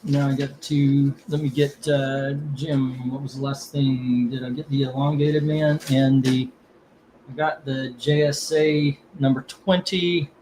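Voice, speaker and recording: A man hosting a casual live comic book auction. He rambles between lot calls, curses freely and gets heated before calming himself down. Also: medium pitch, a little slow, slight background noise. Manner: rambling, cursing, gets heated over politics then calms down.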